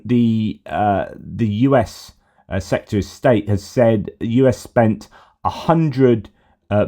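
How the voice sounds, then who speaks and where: Running a war news channel, this middle-aged British host speaks at a fairly low pitch with a mellow quality. His casual news commentary meanders as he thinks aloud, with frequent self-corrections.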